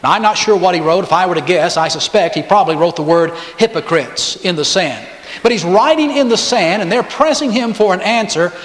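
A man's voice: high-pitched, lively intonation, fairly quick, reverberant, long reverb tail. A man preaching a sermon who tells the story with feeling and briefly acts out the people he quotes. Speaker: pastor.

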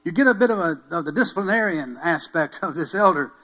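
Bright-voiced emphatic male pastor preaching. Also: fairly high pitch, expressive, fast talker, poor audio. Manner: emphatic, repeats key phrases, builds to loud calls; rhetorical questions to the congregation. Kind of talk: sermon.

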